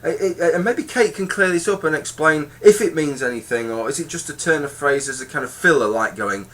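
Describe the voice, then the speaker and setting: A man's voice: a little high, a little fast, a bit bright. A middle-aged man with a British English accent, talking casually and swearing, often repeating and restarting his words. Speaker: YouTube vlogger. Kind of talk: casual rambling monologue.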